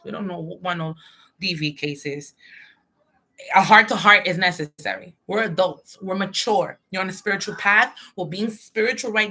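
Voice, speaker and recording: A woman reads tarot for a livestream audience in a bright, forward voice. She talks bluntly and streetwise and swears freely. She slips into preachy advice as she talks. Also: fairly low pitch. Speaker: tarot reader.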